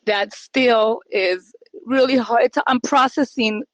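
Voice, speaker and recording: A woman's voice: a little high, steady tone, takes it slowly, a bit bright, no echo. Chatty woman sharing openly. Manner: open, emotional, acts out quoted voices. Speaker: podcast co-host. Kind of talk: casual podcast chat.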